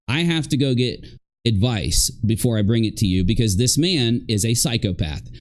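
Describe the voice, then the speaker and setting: A man's voice: mid-range voice, animated, normal speed. Male streamer, casual, rambling, indignant. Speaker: streamer in a played clip. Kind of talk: casual livestream talk.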